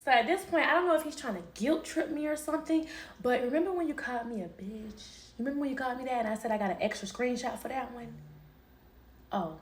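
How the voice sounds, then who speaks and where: Candid young woman, rather high voice. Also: fast talker. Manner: candid, animated, swears and laughs often. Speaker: storyteller. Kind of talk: casual storytelling.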